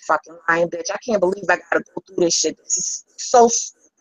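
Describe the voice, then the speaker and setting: A woman's voice: fairly low pitch, sing-song, fairly quick, gravelly, no room sound, poor audio. Woman, furious livestream rant, profane, confrontational, dry sound. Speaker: livestreamer addressing critics.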